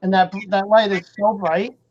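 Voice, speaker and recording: A woman's voice: mid-range voice, fairly even intonation, normal speed, crowd noise. A woman hosting a casual livestream, chatting and reading out viewer comments. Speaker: livestream host. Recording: dull lo-fi stream audio.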